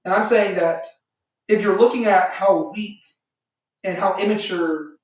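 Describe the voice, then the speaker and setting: This man has a high voice and talks a little slowly as he gives loose, rambling Bible teaching to a small group. Fillers abound, and he acts out imagined voices. The mic is far from him in an echoey room.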